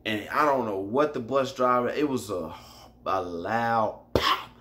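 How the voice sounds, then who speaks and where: A man telling a personal story in a casual vlog, animated and profane, often turning to address his listeners directly. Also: medium pitch, measured pace.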